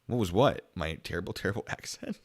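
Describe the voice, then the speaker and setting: A man's voice: deep voice, sing-song, brisk, pushed and bright. A man hosting a casual livestream, reading viewer comments aloud in a chatty, jokey way with frequent giggles. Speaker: channel host.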